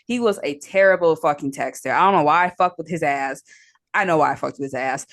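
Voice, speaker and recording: A woman's voice: sits low, quick pace. A young woman co-hosting a podcast, chatting casually and bluntly, swearing freely and laughing between points. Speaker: podcast co-host. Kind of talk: casual chat.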